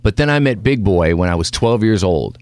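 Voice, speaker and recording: Animated middle-aged man hosting a chat. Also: fairly low pitch, brisk, no room sound. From Mexico. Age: 40s. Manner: animated, does voices and impressions when telling stories. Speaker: podcast host. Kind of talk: casual chat.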